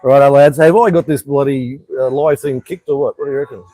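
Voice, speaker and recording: A man chats loosely on a live stream, cracking jokes and swearing without a second thought. His voice has a husky edge, and he rambles in an easygoing, slangy way. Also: mid-range voice, fairly even intonation, fairly quick, dark tone, no echo. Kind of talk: casual live stream chat. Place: living overseas in Cambodia.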